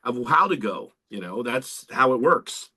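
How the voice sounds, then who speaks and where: A man, co-hosting a podcast in casual, animated talk. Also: medium pitch, measured pace, breathy edge. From Central Florida, US. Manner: animated, swearing, lively storytelling. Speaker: podcast co-host, band member.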